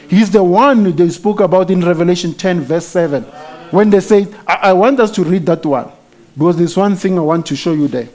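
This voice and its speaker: Male preacher with a high voice delivering an emphatic sermon, with hallelujahs and amens throughout. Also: darkish tone. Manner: emphatic, frequent hallelujahs and amens, rising to exclamations.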